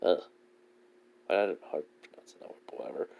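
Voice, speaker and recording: A man's voice: low voice, fast, gravelly, highs cut off. A man casually improvising a fan-fiction story, rambling and leaning on fillers and self-corrections. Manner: rambling, heavy use of "basically" and self-corrections.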